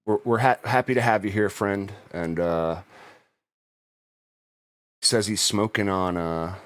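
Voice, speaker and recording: A man's voice: fairly low pitch, a little slow. A man co-hosting a podcast in laid-back casual chat, laughing often. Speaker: podcast co-host.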